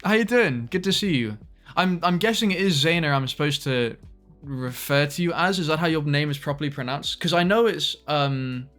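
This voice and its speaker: A man's voice: on the high side, normal speed, few pauses, a bit bright, soft background music. A young British man streaming live, chatting casually to viewers, greeting them by name, laughing often and trailing off mid-sentence.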